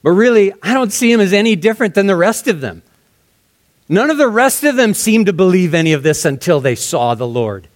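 Conversational male pastor, slightly high voice. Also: sing-song, brisk. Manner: conversational, drops to soft hushed tones for emphasis. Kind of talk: expository sermon.

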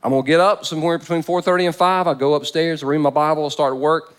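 A male pastor delivering a sermon with humor and emphasis. He repeats phrases to drive points home, and his voice sits a little higher than most men's. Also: steady tone, quick pace, clear, resonant tone.

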